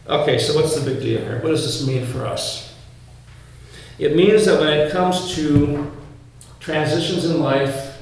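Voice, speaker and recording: Earnest male preacher in echoing space. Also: on the high side. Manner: earnest, with rhetorical questions. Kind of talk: sermon. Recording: very echoey, from far off.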